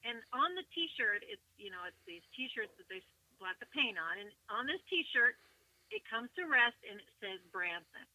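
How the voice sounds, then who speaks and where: Bright-voiced woman telling a story. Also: a little high, moderate pace, dry recording, low-quality recording. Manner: animated, chatty, laughs often. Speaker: singer, interview guest. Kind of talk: casual storytelling interview.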